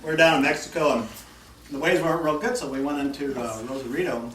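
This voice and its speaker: A man's voice: on the high side, fairly even intonation, fast. A man casually telling a funny story at a birthday party, laughing as he goes. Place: home party room. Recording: echoey room, far from camera, loud noise.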